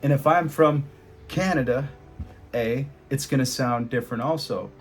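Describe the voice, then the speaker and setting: A man teaching English to camera in a casual, animated way, jumping up in pitch to stress his points. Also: brisk, faint music behind. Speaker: English tutor.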